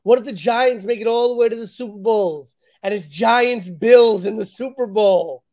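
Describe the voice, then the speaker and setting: A man's voice: high-pitched, moderate pace, a little mellow. A man co-hosting a casual sports chat, laying out playoff scenarios with a touch of suspense. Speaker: podcast co-host.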